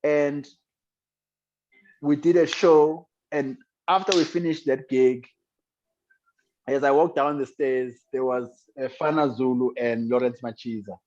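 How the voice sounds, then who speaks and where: A South African man tells his story as a guest in an interview, reflective and earnest. His voice is mid-pitched. The recording sounds dull and lo-fi. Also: steady tone, measured pace, darkish tone. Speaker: guest musician.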